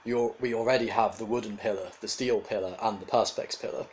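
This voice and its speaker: A lifeless, ancient male robot, voiced by a man telling a story, with a cultured, raspy edge. The delivery is flat, quiet and patient, in a lowish voice. It comes from a spoken storybook reading. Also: a little fast, slight background noise, close to an everyday voice, rough recording. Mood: cold. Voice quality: cultured rasp.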